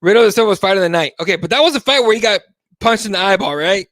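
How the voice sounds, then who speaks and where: Animated high-voiced male MMA show host. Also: fast, dry recording, studio quality. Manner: casual, animated, swears freely, reads chat aloud. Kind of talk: live MMA talk show commentary.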